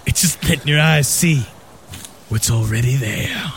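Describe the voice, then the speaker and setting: A man's voice: medium pitch, lively intonation, unhurried, slight background noise. A man putting on a drawling old Maine shopkeeper. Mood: ominous. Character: weary, heavy old male antique shopkeeper.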